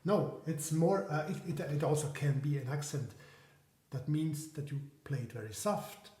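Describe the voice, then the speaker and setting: A slightly high-voiced man explains piano practice in a reflective, soft-spoken way, thinking aloud as he goes. His voice rings in an echoey room, with a piano sounding in between. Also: expressive, normal speed. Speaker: piano teacher.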